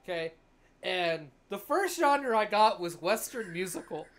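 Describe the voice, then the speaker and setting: Wry woman podcaster, lively pitch. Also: measured pace. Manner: wry, joking asides. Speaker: podcast co-host. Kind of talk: casual podcast chat.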